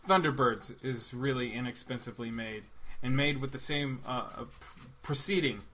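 Bright-voiced man chatting about movies. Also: medium pitch. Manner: animated, rambling, quick to joke. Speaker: podcast co-host. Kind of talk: casual movie review chat.

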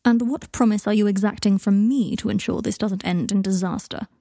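A woman reading a cool, clipped, sardonic wizard in an audiobook, husky mellow voice, dry close sound, talking with icy politeness. Haughty and guarded. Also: mid-range voice, steady tone, a little fast, dry recording, natural voice. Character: aloof, sardonic male wizard.

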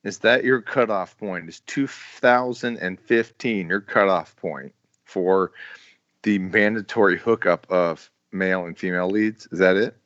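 Low teasing man, dull dry audio. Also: unhurried, a bit bright, dry recording. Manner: teasing, playfully interrogating. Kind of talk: casual movie-review chat.

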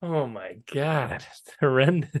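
A man's voice: mid-range voice, lively intonation, unhurried, dry recording. Sarcastic man on a dry close mic. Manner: sarcastic, laughing often. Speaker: podcast co-host. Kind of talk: casual chat.

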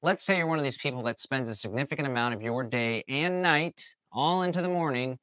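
Male host, motivational talk, acts out little voices, crisp tone, no room. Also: medium pitch, a little fast, no room sound. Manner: animated, acts out imagined people's lines.

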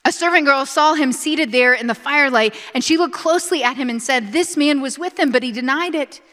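A high-voiced woman pastor preaches with lively, animated energy and calls on the congregation to answer her. Her voice carries a long reverb, like a church hall. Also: brisk. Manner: animated preaching with call-and-response. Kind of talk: sermon.

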